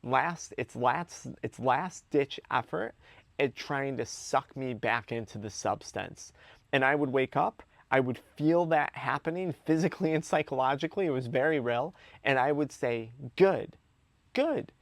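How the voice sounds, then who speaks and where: A man's voice: mid-range voice, normal speed, vocal fry, no echo. A man speaking as an addiction recovery coach, giving a motivational talk to camera in an earnest, emphatic way, repeating key words for stress.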